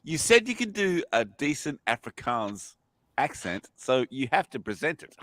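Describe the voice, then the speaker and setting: A man's voice: medium pitch, very animated, normal speed, a bit bright, no echo. A man joking and stammering in casual stream banter.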